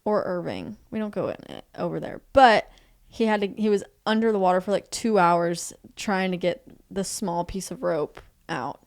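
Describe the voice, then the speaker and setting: A woman's voice: fairly low pitch, moderate pace. A young woman from Texas, a podcast guest, telling rambling stories in a casual chat. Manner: animated, rambling storyteller. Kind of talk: casual storytelling.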